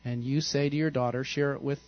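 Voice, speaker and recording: A man's voice: mid-range voice, steady tone, fairly quick, dull audio. A man, a pastor, giving an interactive sermon in a conversational, playful way and quizzing the congregation. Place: church sanctuary.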